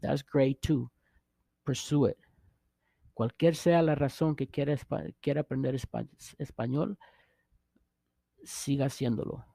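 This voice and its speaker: A man teaches in an unhurried, patient way, repeating each sound and gently encouraging the learner. His voice has a gravelly, mellow edge. The recording is dry and close, with no room around it. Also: medium pitch, steady tone, no room sound. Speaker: Spanish teacher. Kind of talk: casual spoken lesson.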